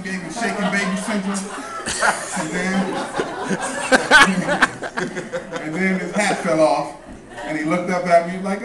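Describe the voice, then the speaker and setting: A young man doing a stand-up comedy set, telling stories in a laid-back, deadpan way. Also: a little high. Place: comedy club with a live audience. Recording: roomy club sound from a distance, crowd laughter. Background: audience laughing.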